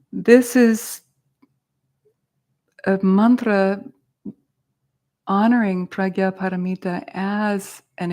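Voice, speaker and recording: A woman's voice: medium pitch, a little mellow. A woman teaching a meditation class, patiently explaining terms in a casual way and adding self-aware asides to the group.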